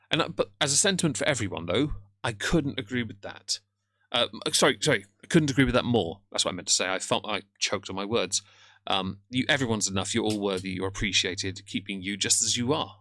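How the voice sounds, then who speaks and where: A man's voice: on the low side, a little fast, fairly bright tone, no room sound, studio quality. A man hosting a casual live stream, rambling as he reacts and greets his chat by name, and now and then tripping over his words. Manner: rambling, chatty, greets chat, stammers at times.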